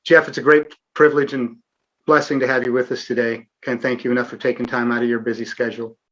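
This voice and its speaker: A man's voice: mid-range voice, little pitch movement, quick pace, fairly bright tone, dull audio. A middle-aged man hosting a live online Q&A, talking earnestly with sarcastic asides and frequent fillers. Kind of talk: casual livestream interview.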